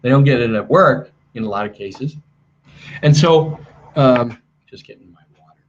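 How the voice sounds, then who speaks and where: A man's voice: medium pitch, normal speed, muffled recording. A middle-aged man giving a sales training webinar from a hotel room, talking energetically and acting out customer dialogue. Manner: energetic, acts out quoted dialogue.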